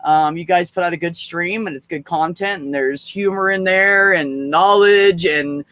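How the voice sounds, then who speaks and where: A man hosts a casual livestream chat in a high voice, heard close and dry. He rambles frankly with plenty of swearing and filler words. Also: moderate pace, pushed and bright, dry recording. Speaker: livestream host.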